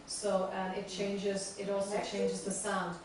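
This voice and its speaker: A woman teaches a class a song line by line, repeating each phrase slowly and patiently. Her voice is picked up from across a large room, with heavy echo and a clear layer of room ambience under it. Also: mid-range voice, monotone, noisy background. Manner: patient, repeats lines slowly and breaks them down. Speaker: workshop teacher. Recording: far-off mic in a very echoey room, clear room ambience.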